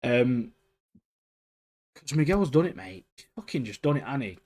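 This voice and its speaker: A man's voice: mid-range voice, sing-song, normal speed, darkish tone. A man co-hosting a casual podcast chat, talking enthusiastically and filling his sentences with "mate" and "like". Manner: enthusiastic, peppers talk with "mate" and "like". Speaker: podcast co-host.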